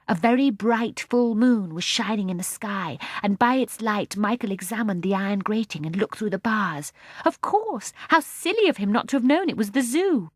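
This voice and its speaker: A woman narrating a children's storybook in a soft, hushed storytelling manner. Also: mid-range voice, animated, normal speed, no echo, clean studio sound. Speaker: audiobook narrator.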